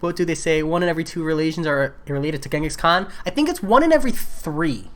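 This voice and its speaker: A man's voice: a little high, lively intonation, quick pace. A man chatting casually while live-streaming a game, answering viewer messages in a laid-back way.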